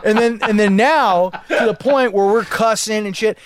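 Man, 40s, podcast co-host, slightly high voice, dry close sound, animated and profane storyteller. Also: normal speed, no echo. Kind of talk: casual storytelling chat.

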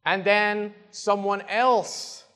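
A male preacher with a fairly high voice tells the story dramatically, swinging between hushed and loud. He speaks slowly and deliberately, and his voice carries through a hall with a long reverb. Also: steady tone. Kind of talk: sermon.

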